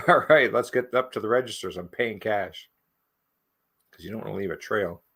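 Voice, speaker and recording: Laid-back low-voiced man. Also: normal speed, a bit bright, slightly rough. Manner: laid-back, laughs often. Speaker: comic review host. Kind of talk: casual comic breakdown chat.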